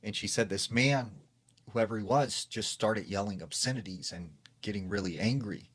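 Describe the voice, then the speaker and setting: A man's voice: on the low side, moderate pace, fairly bright tone. A man casually retelling a secondhand creepy story, peppering it with filler words.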